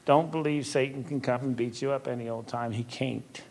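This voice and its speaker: An older man speaks as a minister in a relaxed talk-show chat. His voice sits at an ordinary pitch. He is earnest and good-humored, and he slows right down to stress key phrases. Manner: earnest storytelling, laughs easily, slows for emphasis. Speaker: Christian minister. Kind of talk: conversational faith talk.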